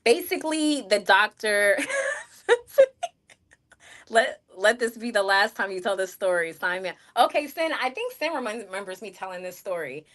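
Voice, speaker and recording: A woman tells her chat a story on a livestream, frank and rambling, breaking off to talk to viewers. Her voice is bright and forward. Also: mid-range voice, animated, normal speed. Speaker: streamer.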